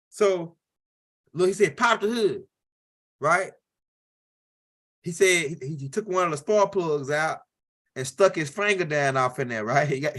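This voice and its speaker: A high-pitched man from tells a loose, rambling stand-up story. He circles back, repeats lines and keeps asking "right?" as he talks. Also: fairly bright tone. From Louisiana. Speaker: comedian.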